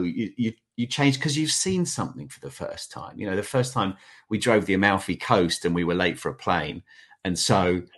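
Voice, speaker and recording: A man with a low, slightly husky voice, speaking as a podcast guest. His pitch rises and falls widely as he tells stories, often breaking into laughter. The tone stays loose and conversational. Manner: animated storyteller, laughs often. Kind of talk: conversational interview.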